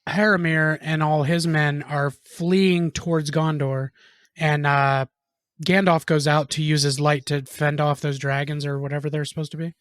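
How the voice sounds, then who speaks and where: Guy w a higher voice, chatty podcast cohost, dry sound. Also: level tone, normal speed, no echo. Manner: chatty, puts on silly voices. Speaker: podcast co-host. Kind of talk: casual chat.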